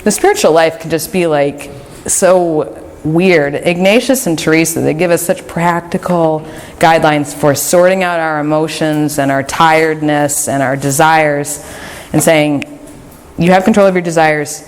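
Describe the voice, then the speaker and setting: Lady talking faith stuff to a group, low-ish voice, chatty and open, echoey hall. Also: fairly even intonation, unhurried. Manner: candid, conversational storytelling with fillers. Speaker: retreat speaker. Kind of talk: spiritual talk to a group.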